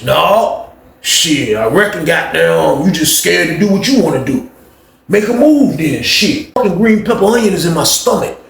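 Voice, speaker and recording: A man's voice: a little high, expressive, gravelly, a bit bright, reverberant, pitched above the performer's own voice. A man voicing a big laid-back man who taunts and scolds without raising his voice much. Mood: taunting. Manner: slow, taunting, dismissive.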